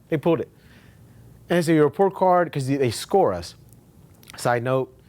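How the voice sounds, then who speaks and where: A man telling his own business story at a meetup in a casual, animated way, casually swearing and repeating himself for emphasis. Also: medium pitch. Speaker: real estate agent sharing his story.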